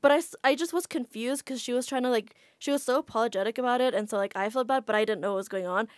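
A woman's voice: a little high, rapid-fire, dry recording, clean studio sound. A woman guest on a podcast, telling a travel story in a chatty way with a lot of "like" fillers. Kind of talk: casual storytelling.

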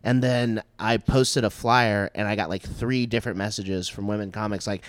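A man's voice: on the low side, fairly even intonation, dry recording. A man co-hosting a comedy podcast, telling crude, rambling stories and often breaking into laughter. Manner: rambling, crude storytelling, quick bursts of laughter. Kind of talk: casual chat.

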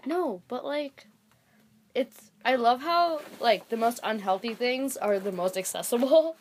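A woman's voice: on the high side, expressive, unhurried, darkish tone, a little hiss or hum. Giggly teen girl rambling on a podcast. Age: teens. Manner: rambling, giggly, many fillers. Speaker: podcast co-host. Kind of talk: casual chat.

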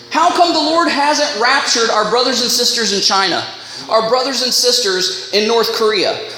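A male preacher giving an animated, impassioned sermon that mimics other voices. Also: very high-pitched. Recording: echoey hall with faint noise.

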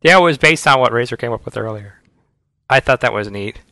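A man's voice: mid-range voice, lively intonation, a little fast, creaky, pushed and bright, no echo. A man co-hosting a casual podcast chat, an enthusiastic fan who breaks into playful sound effects. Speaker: podcast co-host.

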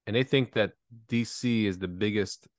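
A man's voice: fairly low pitch, normal speed, no echo, clean studio sound. Blunt, joking podcast host man. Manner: blunt, profane, jokey. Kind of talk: casual chat.

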